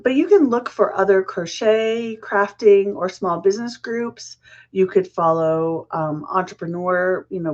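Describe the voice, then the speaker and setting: A woman hosting a casual business chat show, chatty and friendly, her voice a little rough from the early morning. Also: medium pitch, a little mellow, dull audio. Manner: chatty, laughs at own slips. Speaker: podcast host.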